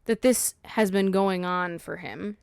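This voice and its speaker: A woman's voice: fairly low pitch, measured pace, creaky, clean tone, dry recording, clean studio sound. A woman co-hosting a faith podcast who reads scripture aloud and retells it in casual slang. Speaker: podcast co-host. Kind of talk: casual chat retelling a Bible story.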